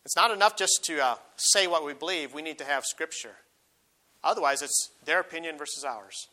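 A middle-aged man preaching a sermon as a pastor, earnest, slowing down and rising when he reads scripture aloud. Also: fairly high pitch, bright, forceful tone. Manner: earnest, slows and rises on quoted verses.

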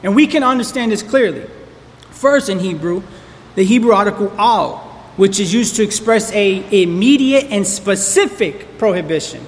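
Male pastor, emphatic sermon delivery, high voice, hall reverb, faint background hiss. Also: expressive, normal speed. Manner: emphatic, repeats key words for stress.

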